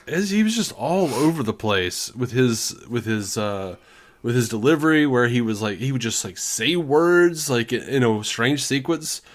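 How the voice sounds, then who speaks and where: A man co-hosting a podcast in casual chat, animated and mocking. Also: mid-range voice, normal speed. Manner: animated, mocking, breaks into laughter. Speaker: podcast co-host.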